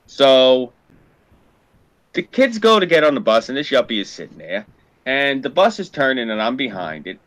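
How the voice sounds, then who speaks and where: A man's voice: medium pitch, fairly bright tone. A man in casual podcast chat, telling a profane, heated story and acting out what people said.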